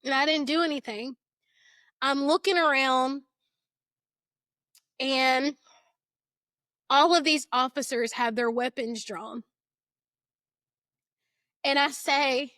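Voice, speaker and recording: A woman's voice: high-pitched, unhurried, pauses often, fairly bright tone, no echo, clean studio sound. A young woman in her twenties earnestly retelling a frightening personal experience, casual and emotional, with frequent filler words. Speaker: storyteller. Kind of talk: personal storytelling.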